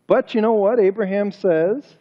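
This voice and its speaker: A man's voice: high-pitched, moderate pace. A man preaching a sermon as pastor, talking emphatically and firing off rhetorical questions, recorded in a church sanctuary. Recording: reverberant hall, dull lo-fi sound.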